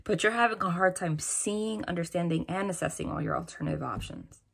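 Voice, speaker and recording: A woman's voice: lowish voice, brisk, creaky, fairly bright tone, husky. A woman giving a tarot and angel-message reading, talking in a chatty, reassuring way with many fillers. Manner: chatty, reassuring, lots of "like" and "right?". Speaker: tarot reader. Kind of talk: spiritual reading to camera.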